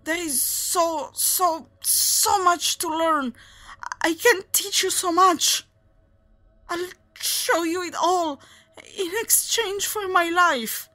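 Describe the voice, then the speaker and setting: A woman's voice: slow pace, heavily acted. Goran, a woman voicing a frantic pleading demon. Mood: desperate pleading. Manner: high, loud, frantic begging. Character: wounded male demon, desperate and pleading.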